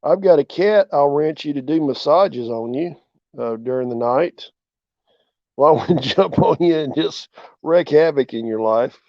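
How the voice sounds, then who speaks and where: A man's voice: on the high side, lively intonation, a little slow, a little mellow, dry recording. A laid-back man with a drawl chats casually on a livestream from his porch. He greets viewers by name as they arrive. The sound is dry and close, with a dull, lo-fi quality. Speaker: channel host. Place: outdoors on a porch.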